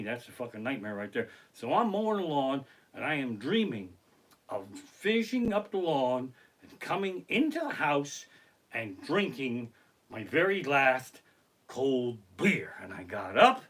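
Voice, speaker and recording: A middle-aged man, a comedian telling profane, animated stories during a live stream from his living room. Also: mid-range voice. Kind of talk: live-streamed comic storytelling. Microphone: basic home streaming setup.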